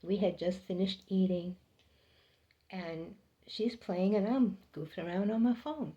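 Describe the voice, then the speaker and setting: A middle-aged woman telling a personal story in a casual, unhurried way, getting animated when she quotes people and laughing between lines. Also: medium pitch, lo-fi sound. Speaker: storyteller sharing personal experiences.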